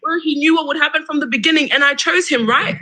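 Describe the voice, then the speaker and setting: A man hosting a live stream, his voice pitched very high and bright with a sharp edge. He argues combatively, interrupts often and presses his point with quick rebuttals. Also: low-quality recording. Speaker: livestream host. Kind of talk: argumentative live-stream debate.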